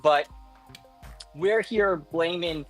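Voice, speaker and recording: A woman in a casual livestream chat, talking in a sarcastic, animated way and acting out what others say. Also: on the low side, extremely slow, soft background music. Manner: animated, sarcastic, quotes people in voices. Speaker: livestream guest.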